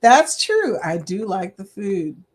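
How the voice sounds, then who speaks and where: A woman's voice: mid-range voice, sing-song, takes it slowly, slightly rough. A woman hosting a casual livestream chat, laughing often and reading viewer comments aloud. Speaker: livestream host.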